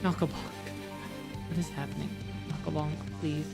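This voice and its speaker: Rambling, chatty woman streamer, low voice. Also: steady tone, a little slow, loud music behind the voice. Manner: rambling, chatty, talks straight to her chat. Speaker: VTuber streamer. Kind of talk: casual livestream chat.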